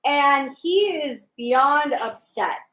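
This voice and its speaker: A woman's voice: high-pitched, expressive, very slow, fairly bright tone, reverberant, poor audio. A woman co-hosting a casual chat about a TV show, teasing and arguing her point. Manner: teasing, argumentative. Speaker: podcast co-host.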